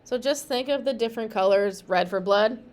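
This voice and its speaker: A woman's voice: on the high side, normal speed. A young woman teaching anatomy for massage exam prep, chatty and joking, laughing often between points. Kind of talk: casual classroom lecture.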